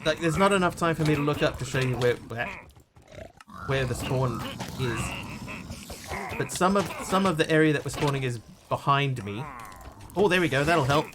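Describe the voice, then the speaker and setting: A man's voice: fairly high pitch, normal speed, long pauses, noisy background. A man live-streaming a video game, chatting in a scattered way, yelping and thanking viewers as he plays.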